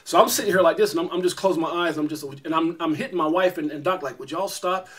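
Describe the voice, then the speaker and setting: A middle-aged man hosts his own vlog and tells a story straight to camera. His voice sits a little high, and he rambles, doubles back and fills gaps with ums as he goes. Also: very fast. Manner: rambling, animated, many fillers and restarts. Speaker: vlog host.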